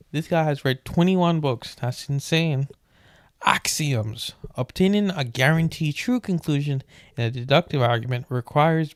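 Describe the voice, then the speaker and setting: A man's voice: on the high side, smooth, no echo, studio quality. A man casually reading a book aloud late at night, often stumbling over words and breaking off into joking rants.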